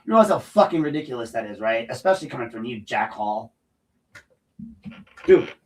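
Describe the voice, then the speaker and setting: A man's voice: medium pitch, lively intonation, brisk, far from the mic, low-quality recording. A man hosting an unscripted solo show, ranting in a profane, combative, heated way. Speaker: podcast host.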